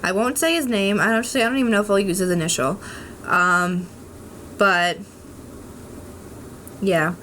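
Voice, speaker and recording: A woman's voice: medium pitch, measured pace, pauses often, fairly bright tone, slight background noise. A young adult woman vlogging at home, talking candidly to camera in a rambling way, with many ums, restarts and frank swearing. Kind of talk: candid casual talk to camera.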